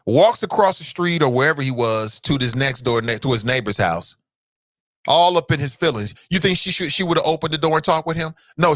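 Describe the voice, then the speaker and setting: Animated man hosting a dry-sounding talk show. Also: no room sound. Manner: animated, swings pitch up and down. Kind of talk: casual talk show monologue.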